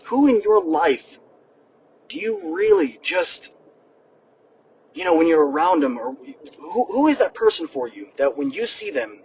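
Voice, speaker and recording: A young man hosting a podcast and giving a lively motivational monologue, speaking straight to his listeners. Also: fairly high pitch, vocal fry. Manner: energetic, addresses listeners directly. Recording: distant mic with background noise, poor audio.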